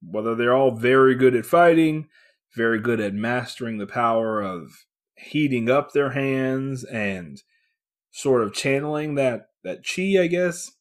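A man's voice: medium pitch, lively intonation, unhurried. A man co-hosting a podcast, chatting casually about a comic book, swearing, laughing often and acting out the characters' lines. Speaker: podcast co-host.

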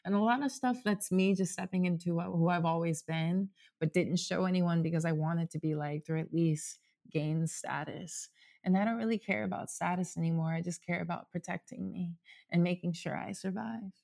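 The recording, made in a home apartment, captures a guest in his thirties rambling through a candid, heartfelt chat, saying "like" constantly and swearing casually. He talks at a normal speed in a high-pitched voice that has vocal fry and a somewhat mellow sound.

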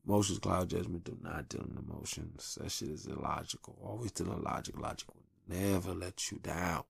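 Man in his thirties, podcast host, casual monologue, blunt, profane, animated delivery. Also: deep voice, a little fast, gravelly, husky, dry recording. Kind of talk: casual monologue, advice rant.

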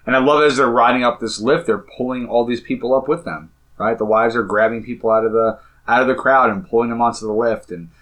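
A man co-hosting a casual podcast, earnestly retelling film scenes in detail and often trailing off softly. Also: medium pitch, quick pace, hardly any pauses. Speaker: podcast co-host.

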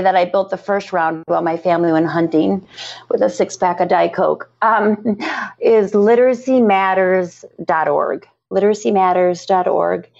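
A middle-aged woman, founder of a literacy nonprofit, speaking earnestly and tearfully with halting restarts in a podcast interview. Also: mid-range voice, vocal fry, a little mellow. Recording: slightly dull lo-fi audio.

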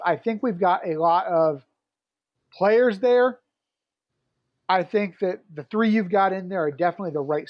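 A man with a fairly high voice co-hosts a sports podcast, eager and chatty, filling gaps with "you know" and "uh". The sound is dry and close. The audio is slightly dull and lo-fi. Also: dry recording. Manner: enthusiastic, filler-heavy. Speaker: podcast co-host. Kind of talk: casual sports chat.

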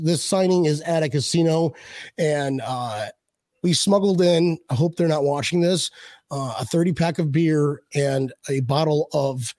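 A man's voice: a little high, darkish tone, no room sound, studio quality. A man hosting a casual chat, rambling and joking, often repeating his words. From Buffalo, USA. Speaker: podcast host.

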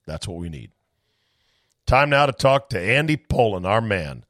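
Male host, mid pitch, dry close mic; ranting and incredulous, big swings between loud bursts and mutters. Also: very animated, normal speed, no room sound. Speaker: podcast host. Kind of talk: animated monologue and casual chat.

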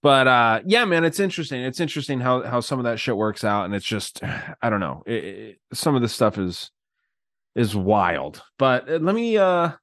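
A man's voice: mid-range voice, lively intonation, normal speed, a bit bright, no echo. Male podcast co-host, mid-range voice, dry close sound, crude blunt rants. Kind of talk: casual podcast chat.

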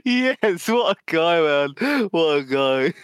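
Easygoing podcast co-host. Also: male voice, fairly high pitch, big pitch swings, slow pace, slight background noise. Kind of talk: casual chat.

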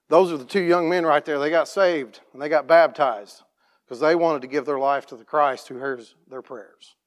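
A plain-spoken man tells a church testimony story as a farm operator, restarting his sentences and clearing his throat often. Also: a little high, fairly even intonation, normal speed.

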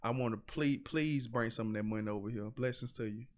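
A man's voice: medium pitch, fairly quick, crowd noise. Candid man telling stories. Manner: candid, rambling, profane, with frequent fillers. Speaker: podcast guest, author. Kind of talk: casual storytelling chat.

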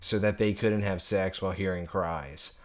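A man's voice: sits low, fairly even intonation, normal speed. A young man co-hosting a casual rewatch podcast, teasing his co-host and laughing often.

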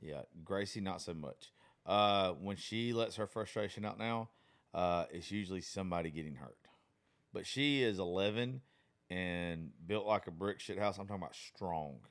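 Rambling lower-voiced dad. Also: male voice, normal speed. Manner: rambling, lots of "like" and swearing. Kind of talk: casual chat.

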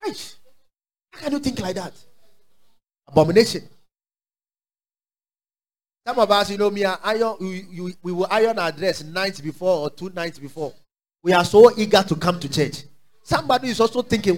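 A Ghanaian pastor with a high-pitched voice delivers an exhorting sermon. He leads call-and-response with the congregation. He drops into low asides, then climbs to loud, declaring lines. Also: normal speed, pauses often.

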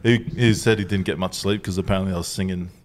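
A man's voice: sits low, steady tone, fast. Laid-back man telling a story. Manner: laughing, swearing, acts out quotes. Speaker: podcast co-host. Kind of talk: casual storytelling chat. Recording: faint background noise.

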